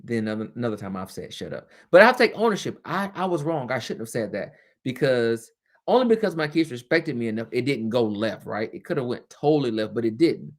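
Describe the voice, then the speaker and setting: A man's voice: mid-range voice, sing-song, a little fast. A man hosting a webcast as a former teacher, talking candidly and casually, with frequent laughs and chatty asides.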